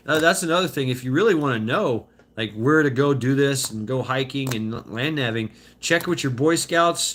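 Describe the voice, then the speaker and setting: Bright-voiced man in his fifties rambling. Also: mid-range voice, a little hiss or hum. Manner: loose, profane, halting with many fillers and restarts. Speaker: vlogger reading viewer chat. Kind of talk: rambling casual live chat. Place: outdoors on a walk.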